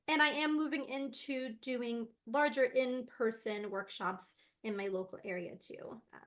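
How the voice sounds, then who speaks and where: A woman guest on an interview podcast, a laughter yoga teacher chatting casually and animatedly, laughing often. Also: high-pitched.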